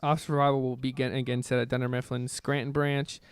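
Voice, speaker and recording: A man's voice: mid-range voice, little pitch movement, fast, clean tone. A man hosting a podcast in casual chat, upbeat and chatty, tripping over his words now and then. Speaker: podcast host.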